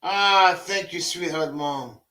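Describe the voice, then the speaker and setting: High-voiced man, slow and halting. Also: bright, forceful tone, roomy sound. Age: 40s. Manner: halting, broken phrasing with repeated words. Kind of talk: casual chat.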